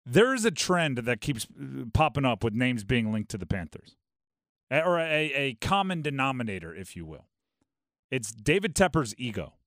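A man hosting a sports talk radio show, talking in an animated, quick way and dropping into mock voices for bits. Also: mid-range voice, dry recording, clean studio sound. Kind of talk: casual sports talk monologue.

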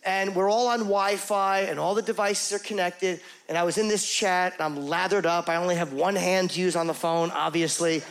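A man's voice: sits high, fairly even intonation, normal speed, few pauses. A man performing a stand-up comedy set on stage, confessional and self-mocking, acting out bits of dialogue in put-on voices. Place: comedy stage before a live audience.

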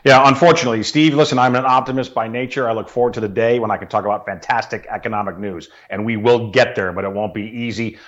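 A man's voice: mid-range voice, muffled recording. A man giving an earnest, explanatory economic commentary, often addressing the host by name.

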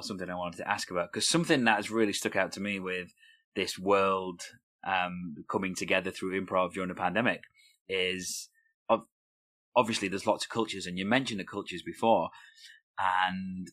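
Man, lowish voice, relaxed host asking about improv, easygoing. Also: normal speed. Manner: easygoing, uses fillers like sort of. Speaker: host, improv group member. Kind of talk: casual conversation.

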